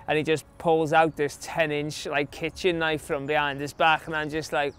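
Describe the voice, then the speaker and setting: A man's voice: on the high side, little pitch movement, fairly quick, hardly any pauses, a bit bright, smooth. A young adult man from England with an English accent, casually telling stories from his run in an interview, chatty and full of fillers. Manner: chatty, anecdotal, many fillers. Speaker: interviewee, long-distance runner.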